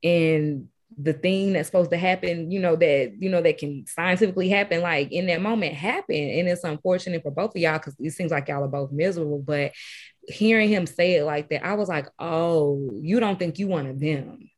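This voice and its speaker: A woman with a low voice chats on a podcast. She tells anecdotes in an easy, conversational way and quotes herself and her friends along the way. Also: moderate pace. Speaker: podcast co-host. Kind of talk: casual chat, storytelling.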